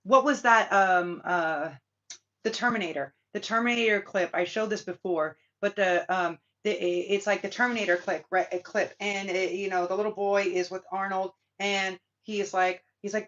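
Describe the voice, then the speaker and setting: A woman hosting a casual spiritual monologue, talking emphatically and ramblingly, swearing freely and filling pauses with ums and likes. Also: mid-range voice, steady tone, bright, forceful tone. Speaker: spiritual reader and channel host. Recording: dull lo-fi sound.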